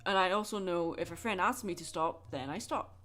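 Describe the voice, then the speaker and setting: A Scottish woman chatting frankly with soft laughs while drawing on a livestream. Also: on the low side, a little fast, faint music behind. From Scotland. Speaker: livestreaming artist.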